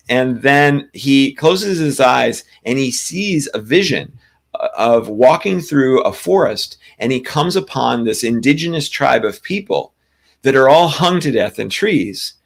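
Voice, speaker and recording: A man co-hosting a spiritual talk show, telling a long personal story in a casual, animated way, with frequent restarts. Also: medium pitch, creaky. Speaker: podcast co-host.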